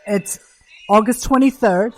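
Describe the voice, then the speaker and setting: An older woman from New York, a podcast guest, recounting memories in an animated, emphatic way. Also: on the high side, measured pace, soft background music. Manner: animated, emphatic, acts out quotes. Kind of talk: casual storytelling interview.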